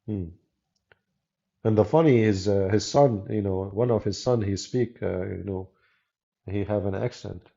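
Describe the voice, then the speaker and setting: A man with an Arabic accent, whose first language is Arabic, delivers sarcastic live-stream commentary in a gravelly, mellow voice. He mocks as he talks, in his role as a debater and channel host. The recording sounds dull and lo-fi. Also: lowish voice, unhurried, pauses often. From Arab world. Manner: mocking, sarcastic. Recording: dull lo-fi audio.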